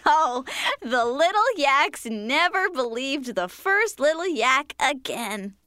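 A woman's voice: sits high, big pitch swings, slow, bright, forceful tone, faint music behind, heavily acted. A woman voicing a patient, playful cartoon critter who tells a bedtime story in a sing-song, coaxing manner. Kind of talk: children's cartoon voice acting.

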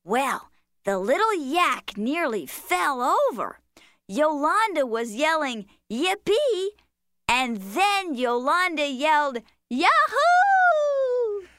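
Lady voicing a playful cartoon critter telling a bedtime story, high swoopy voice, dry close sound. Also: very animated, slow, a bit bright, no echo, heavily acted. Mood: patient. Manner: sing-song, exaggerated storytelling, coaxing. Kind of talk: children's cartoon voice acting.

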